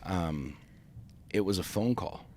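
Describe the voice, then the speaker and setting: Deep-voiced man telling a story emphatically. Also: lively intonation, takes it slowly, a little hiss or hum. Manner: emphatic, profane, frequent restarts. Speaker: podcast co-host. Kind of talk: casual storytelling chat.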